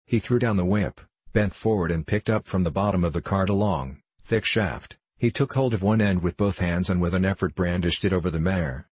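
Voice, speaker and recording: A man narrating a classic novel in a measured, steady storytelling voice. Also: low voice, breathy edge, no room sound. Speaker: audiobook narrator.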